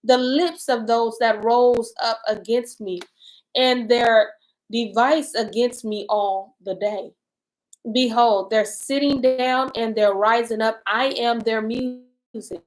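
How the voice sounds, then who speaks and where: Higher-pitched woman reading bible verses slow, then chatting casual about them. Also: poor audio. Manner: reads verses slowly, then chats in animated bursts. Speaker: co-host reading and discussing scripture. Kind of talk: scripture reading and casual discussion.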